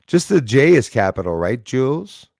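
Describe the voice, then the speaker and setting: A man's voice: medium pitch, sing-song, moderate pace, creaky, a little mellow, no room sound, clean studio sound. A Canadian man hosting a livestream, chatting casually and rambling with many fillers as he thanks viewers. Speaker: livestream host. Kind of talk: casual livestream chat reading comments.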